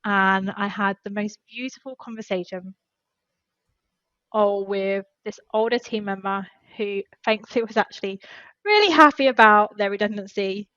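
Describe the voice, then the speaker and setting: A woman's voice: medium pitch, moderate pace, fairly bright tone, no room sound, highs cut off. A woman, a podcast guest and former HR specialist, telling an earnest and emotional story in casual conversation.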